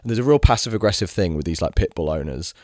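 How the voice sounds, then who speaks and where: A man's voice: deep voice, lively intonation, fast talker, darkish tone, dry recording, clean studio sound. A young man ranting in a casual monologue, exasperated, swearing freely and mimicking people mockingly. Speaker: video creator.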